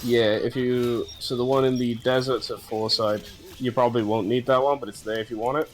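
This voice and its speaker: A man's voice: mid-range voice, fairly even intonation, fairly quick, slight background noise. A man hosting a game stream, chatting casually and explaining game mechanics at length. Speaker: gaming streamer host. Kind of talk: casual gaming chat.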